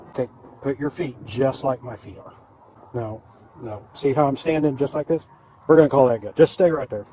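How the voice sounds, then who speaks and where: A man's voice: on the high side, warm tone. A male police officer at a roadside stop, firmly giving short, repeated commands. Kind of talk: real bodycam exchange. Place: roadside traffic stop at night. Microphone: bodycam on his chest. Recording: noisy roadside bodycam audio.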